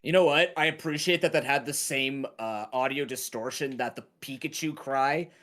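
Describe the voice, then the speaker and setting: A man's voice: medium pitch, normal speed, fairly bright tone. A man in his thirties, chatting casually and rambling while he plays a game on stream. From Canada. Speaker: game runner. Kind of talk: casual commentary while playing.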